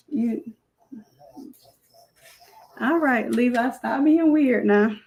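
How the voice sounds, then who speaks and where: High-voiced hype-up Southern woman. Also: slow, vocal fry, long pauses, husky, narrow, tinny audio. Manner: animated, preachy, hypes up viewers. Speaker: online design academy host. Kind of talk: casual livestream Q&A.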